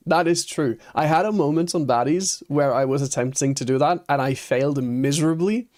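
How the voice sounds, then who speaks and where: A man's voice: a little high, moderate pace, hardly any pauses, a little mellow. A Norwegian man, a native Norwegian speaker, chatting casually with viewers on a game livestream and chuckling often. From Norway. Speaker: streamer.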